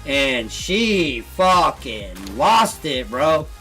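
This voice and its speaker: A man's voice: mid-range voice, sing-song, drawn-out words, pushed and bright, rough recording. A man hosting a gaming video, telling a story as a casual, heated, profane rant. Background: faint background music.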